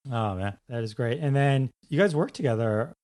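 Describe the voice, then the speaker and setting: Guy hosting a podcast, medium pitch, eager, says like a lot. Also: lively intonation, normal speed, darkish tone. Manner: eager, leans on "like" as a filler. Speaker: podcast host. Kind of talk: casual interview chat.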